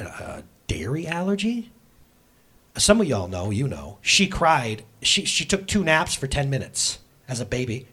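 A man preaching an energetic sermon as pastor, animated and exclamatory, acting out God's voice to the congregation. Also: fairly high pitch, breathy edge.

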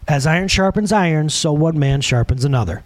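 Animated male pastor preaching casually. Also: fairly high pitch, brisk. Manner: conversational, animated, acts out quotes. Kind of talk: sermon.

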